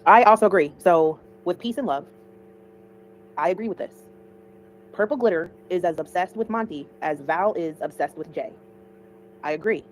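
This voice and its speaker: A woman's voice: lowish voice, normal speed, long pauses, a little hiss or hum, poor audio. A woman hosting a casual livestream, giving chatty, opinionated commentary.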